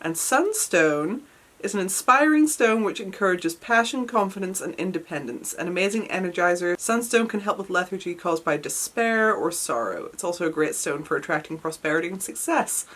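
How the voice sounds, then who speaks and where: A British vlogger chats her way through an unboxing at a moderate pace, her voice leaping from low murmurs to high squeals. Excitable and gushing, she greets each little item with frequent oohs and delighted exclamations. Her voice sounds slightly worn from a recent cold.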